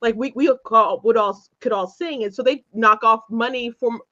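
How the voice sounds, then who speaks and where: A woman hosting a casual interview, her voice sitting a little high. She rambles and restarts her sentences and breaks into laughter as she goes. The audio is slightly dull and lo-fi. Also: normal speed, sharp tone. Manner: rambling, hesitant storytelling with laughter. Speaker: show host.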